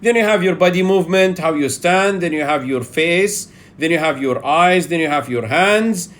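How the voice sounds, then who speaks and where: A man's voice: on the high side, moderate pace, fairly bright tone. A man teaching a live online public speaking session in a chatty way, often checking in with "yeah?".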